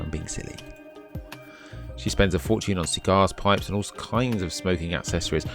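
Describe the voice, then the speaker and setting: A man hosting a let's play, reading the game's text aloud and adding dry asides. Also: low-pitched. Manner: dry asides, reads on-screen text in a steady voice.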